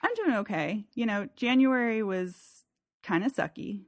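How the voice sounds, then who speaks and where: A young woman co-hosting a podcast, friendly and giggly in relaxed chat. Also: mid-range voice, a little slow, no room sound, clean studio sound. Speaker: podcast co-host. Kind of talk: casual chat.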